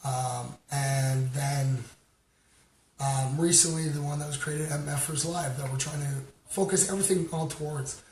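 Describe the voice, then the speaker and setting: A talkative man from Canada chatters his way through a livestream, stopping to greet viewers by name. He rambles and fills his pauses with "um". The room sounds hollow, with a steady hum of noise behind him. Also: on the high side. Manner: rambling, talkative, many fillers. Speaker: livestream host. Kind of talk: casual livestream chat with shout-outs. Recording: roomy sound with background noise.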